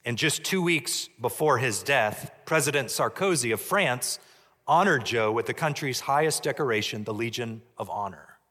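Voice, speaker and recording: A man preaching a sermon as pastor, measured, dropping low and soft on key points. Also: animated. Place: church sanctuary. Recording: long church reverb.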